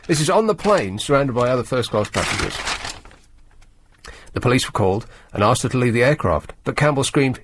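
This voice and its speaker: A man's voice: medium pitch, lively intonation, fairly quick, slight background noise. A man hosting a talk radio show, reading out news stories and mocking them in a sardonic, conversational way. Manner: sardonic, reads news items and mocks them. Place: radio studio. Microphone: studio microphone.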